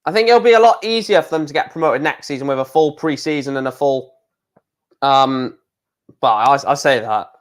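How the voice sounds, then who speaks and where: A man hosting a live football watch-along, calling the play with fillers and erupting into shouts at big chances and goals. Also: mid-range voice, moderate pace. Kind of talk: live football match commentary and reaction.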